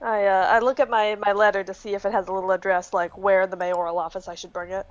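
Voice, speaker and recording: A woman playing in a tabletop game, playful and quick with asides. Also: mid-range voice, little pitch movement, muffled recording. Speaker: player. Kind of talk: tabletop role-play as a player.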